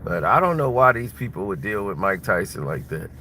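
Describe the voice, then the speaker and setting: A man's voice: on the low side, big pitch swings, fairly quick, sharp tone. A man giving blunt, mocking casual commentary while driving. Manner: blunt, mocking, laughs at his own jokes. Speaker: vlogger. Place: inside a car, driving. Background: faint car and road noise.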